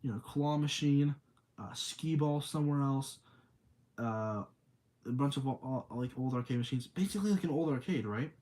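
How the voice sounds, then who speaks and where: A man's voice: mid-range voice, moderate pace, mellow. A young man rambling through a casual spooky story on a livestream, reading chat aloud between thoughts. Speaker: streamer.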